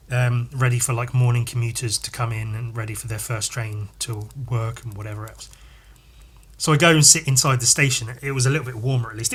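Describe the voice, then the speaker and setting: A man's voice: medium pitch, a bit bright. A man hosting a podcast, telling a story casually, rambling, swearing often and laughing at himself. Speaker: podcast host.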